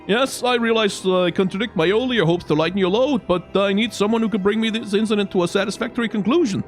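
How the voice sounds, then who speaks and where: A man reading aloud as a steady male outpost commander, in an earnest tone. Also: high-pitched, quick pace, soft background music, voice pushed up, natural voice.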